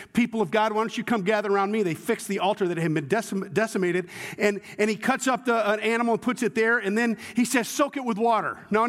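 A male pastor with a high voice preaches a sermon, telling the story with energy and acting out the voices of its characters. His voice rings with the long reverb of a large church hall. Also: a bit bright.

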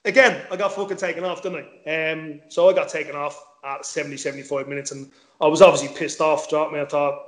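A man tells a football story at a rapid clip, swearing freely and playing out each exchange in quotes. His voice sits a little high, and the room around him is echoey. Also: steady tone. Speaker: former footballer guest. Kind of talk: casual anecdote-telling.

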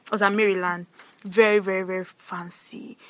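A woman, a guest who works as an event coordinator, telling stories in a lively, casual way and acting out the people in them. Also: mid-range voice, brisk, no echo. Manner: animated, acts out the people in her stories. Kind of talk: casual storytelling chat.

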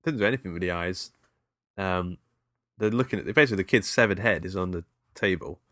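British guy, low voice, rambling podcast chat, dry close sound. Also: fairly quick, sharp tone, no echo. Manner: rambling, laughs often, fillers. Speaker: podcast co-host. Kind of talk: casual chat recapping a film.

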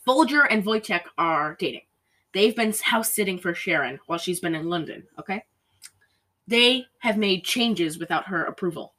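A woman's voice: fairly low pitch, lively intonation, normal speed, pushed and bright. A young woman co-hosting a casual podcast, retelling a film's plot in a chatty way, saying "like" constantly. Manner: chatty, heavy use of "like", mimics characters while retelling. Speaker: podcast co-host recapping a film. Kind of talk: casual chat.

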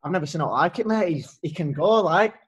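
A man's voice: high voice, expressive, fairly quick, highs cut off. A man with a broad Yorkshire accent in a casual podcast chat, easygoing and matey, calling everyone "mate". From England (Leeds). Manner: laughing, matey, peppers talk with "mate". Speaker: footballer guest on a podcast.

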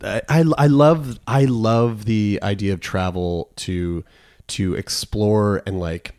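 A man's voice: on the low side, takes it slowly, darkish tone, no room sound, studio quality. A Canadian man hosting a podcast in easy, casual chat, swearing freely and laughing often. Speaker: podcast host.

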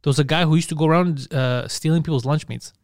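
A man talking quickly in a slightly high voice, swearing and laughing as he spins a story. His voice is close and dry, with no room sound behind it. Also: dry recording. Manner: animated, profane, laughing storyteller. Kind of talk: casual storytelling chat.

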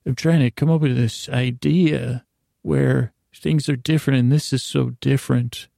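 Man voicing an eager circus founder, gravelly and dark, halting, gushing. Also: medium pitch, steady tone, dry recording, studio quality.

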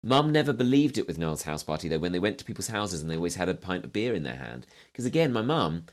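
A man's voice: deep voice, big pitch swings, fast talker. A man from southeast London, a comedian as guest, telling stories in a wry, well-spoken manner. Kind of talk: casual chat.

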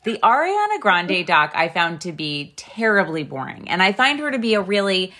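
A woman's voice: lowish voice, very animated, moderate pace, bright, forceful tone. A woman in her late thirties hosting a podcast, enthusiastic and gushing in casual interview chat. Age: late 30s. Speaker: podcast host.

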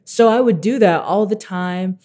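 Animated teenage guy with a mellow voice. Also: sits high, a little slow. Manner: animated, laughs often, acts out quotes. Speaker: guest artist. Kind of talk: casual storytelling.

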